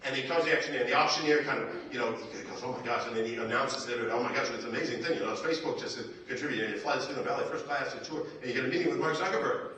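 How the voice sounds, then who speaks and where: A man giving a conference keynote, telling a story with animated, acted-out quotes from the stage. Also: medium pitch, very fast, slight background noise. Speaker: keynote speaker. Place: large conference hall. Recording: echoey hall, mic from a distance.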